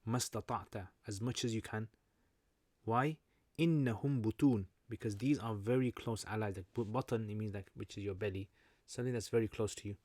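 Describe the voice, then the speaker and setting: British guy chatting on a livestream, kinda low voice, dry sound, jokey and explaining stuff. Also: fairly even intonation, fairly quick, darkish tone, no echo. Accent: British English. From Britain. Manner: chatty, joking, explains Arabic terms. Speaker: livestream host answering chat. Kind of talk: casual livestream Q&A.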